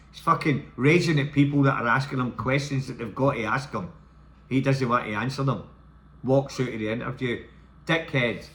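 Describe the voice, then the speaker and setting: A man's voice: medium pitch, pushed and bright. A Scottish man ranting furiously as a football fan to camera, swearing and repeating himself. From Scotland. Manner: swearing, heated, repetitive. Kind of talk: angry fan rant to camera.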